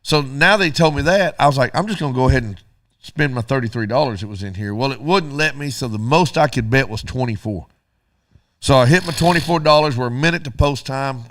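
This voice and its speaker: A man's voice: mid-range voice, lively intonation, fairly quick, dry recording. A middle-aged man, co-hosting a radio show and telling a story casually while acting out both sides of the dialogue.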